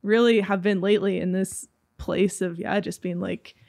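Candid, laughing woman on a podcast, gravelly creaky voice, dry mic. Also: medium pitch, steady tone, normal speed, darkish tone, no room sound. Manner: candid, laughing, self-mocking. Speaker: podcast co-host. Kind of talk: faith podcast discussion.

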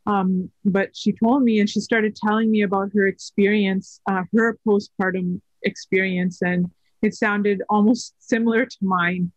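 A woman's voice: medium pitch, fairly even intonation, unhurried, dry recording. Woman, thirties, podcast guest; hesitant, filler-heavy storytelling, dry slightly muffled recording. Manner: soft-spoken, hesitant with many fillers. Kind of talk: personal story in casual conversation.

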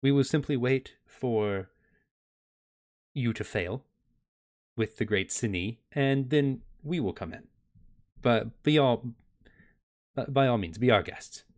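A scheming mercenary leader, a woman who wheedles with false politeness, as a man puts her on. Her voice sits at an ordinary middle pitch. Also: slow, long pauses, natural voice. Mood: mocking. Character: scheming female mercenary leader, smooth-talking.

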